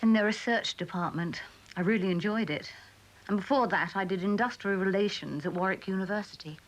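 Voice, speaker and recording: A woman's voice: mid-range voice, fairly quick, close to an everyday voice, poor audio. An actress playing an educated woman manager who speaks earnestly and carefully. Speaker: new manager. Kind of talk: TV drama acting.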